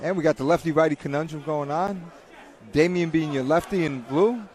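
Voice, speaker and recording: A man's voice: a little high, brisk, darkish tone. A man commentating live boxing fights, rambling and joking, often repeating himself. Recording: crowd noise at a live event.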